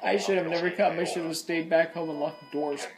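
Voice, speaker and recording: A man reading the lines of a jittery male turkey in a video game, nervous and rambling, with loud game music behind him. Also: fairly high pitch, fairly even intonation, fairly quick, natural voice, poor audio. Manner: nervous, rambling, reads game dialogue aloud.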